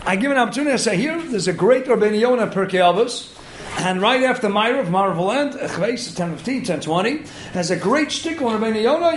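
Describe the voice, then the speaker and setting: A man giving an animated Torah study lecture. He urges his listeners on and mixes in many Hebrew and Yiddish terms. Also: high-pitched, brisk, a little hiss or hum. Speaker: Torah teacher.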